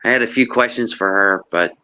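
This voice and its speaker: An easygoing man joins a stream chat, talking in a lowish voice with a bright, forward edge. He pauses often on ums and uhs. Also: clear, resonant tone. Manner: easygoing, hesitant fillers. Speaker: stream guest. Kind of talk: casual chat.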